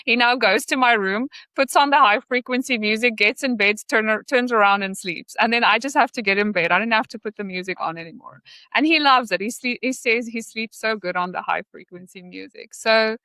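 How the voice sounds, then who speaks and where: A woman's voice: a little high, fairly quick, bright, forceful tone, dry recording. A woman guesting on a podcast, talking in a gushing, grateful way, with many fillers. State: emotional. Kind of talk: casual interview conversation.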